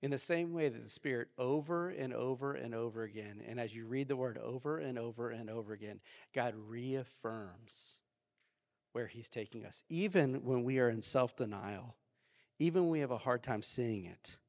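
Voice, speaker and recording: A man preaching a sermon as pastor, animated, swinging from loud outbursts to quiet reflection. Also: mid-range voice, normal speed, vocal fry, in a large hall. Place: church sanctuary.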